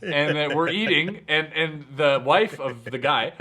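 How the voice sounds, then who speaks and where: Young guy from canada, bright voice, animated storytelling, swears a lot. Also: a little high, a little slow. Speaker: podcast co-host. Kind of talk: casual chat.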